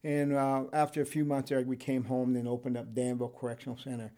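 A man's voice: medium pitch, flat delivery, fast, warm tone. Rambling older man telling his story. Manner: rambling, with frequent ums and restarts, laughs often. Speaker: interviewee, retired correctional officer. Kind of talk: storytelling interview.

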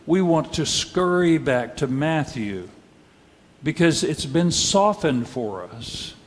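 Slow, wry preacher in a reverberant hall. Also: male voice, fairly high pitch. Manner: measured, rhetorical questions, dry wry asides. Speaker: pastor. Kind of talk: sermon.

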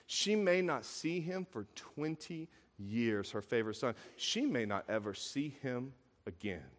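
A man preaching a sermon, retelling a story with lively acted quotes and building to emphatic peaks. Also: mid-range voice, unhurried. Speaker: pastor. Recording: long hall reverb.

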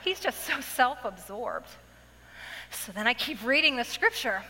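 A woman giving a testimony talk to a women's audience, dramatic and laughing often, acting out her past self in sudden high outbursts. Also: big pitch swings, unhurried, sharp tone. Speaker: speaker addressing a women's audience. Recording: echoey hall with faint noise.

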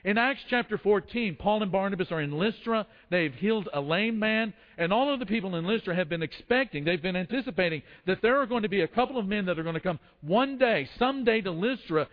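High-voiced preacher in a reverberant hall. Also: male voice. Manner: storytelling with acted quotes and restarts. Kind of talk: sermon. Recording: dull lo-fi sound in a long-reverb hall.

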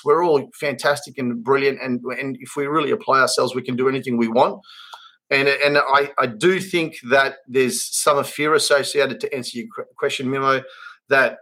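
A man's voice: medium pitch, steady tone, normal speed, sharp tone. A man with an Australian accent hosting a podcast, talking earnestly about his trade business with many restarts and rambling asides. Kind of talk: casual podcast chat.

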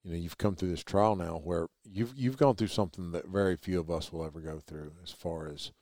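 A very low-pitched man with a drawl hosts a laid-back podcast chat. He rambles enthusiastically and jokes as he goes. The recording is close and dry. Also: fairly quick, dark tone, dry recording. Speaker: podcast host. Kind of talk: casual chat.

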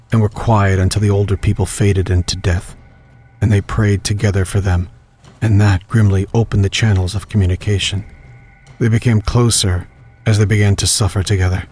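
A man narrating a horror story in a measured, grave storytelling manner. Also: fairly low pitch, a little mellow, breathy edge.

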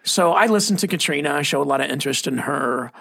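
A middle-aged man with a Texan accent and a gravelly, husky voice. He tells stories in a relaxed podcast chat and slips into the voices of the people he quotes. The sound is dry and close, with no room in it. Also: on the high side, fast talker, no room sound. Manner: storytelling, acts out quoted voices. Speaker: pastor. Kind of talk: casual podcast conversation.

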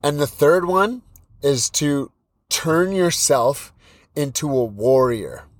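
A man's voice: a little high, slow pace, no room sound. A man in his thirties hosting a solo podcast, speaking bluntly as a fighting coach. He repeats himself often and restarts his sentences. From British Columbia, Canada. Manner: blunt, repetitive, pep-talk delivery with many restarts. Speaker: podcast host and Muay Thai coach. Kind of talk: motivational solo podcast talk.

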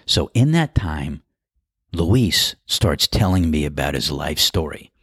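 Deep husky guy rambling through a funny story, dry close mic. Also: big pitch swings, slow, fairly bright tone, no echo. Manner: wry, conversational, self-deprecating. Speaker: podcast host and golf starter. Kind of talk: casual storytelling.

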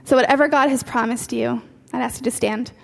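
A woman's voice: on the high side, fairly even intonation, a little fast, creaky. A woman preacher delivering an earnest sermon, repeating key phrases for emphasis. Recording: long hall reverb with faint music.

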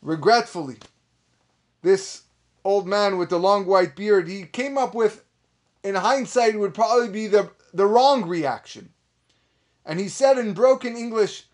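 A man delivers a sermon in a high, ringing voice. He preaches with passion and climbs to emphatic peaks. He slips Hebrew phrases into his talk. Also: measured pace. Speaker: rabbi.

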